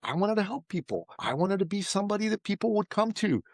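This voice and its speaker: Animated male storyteller from Iran. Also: high voice, fast, no room sound. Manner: animated storyteller who acts out quoted voices and often says "like" and "right?". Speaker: podcast guest, entrepreneur. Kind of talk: casual interview storytelling.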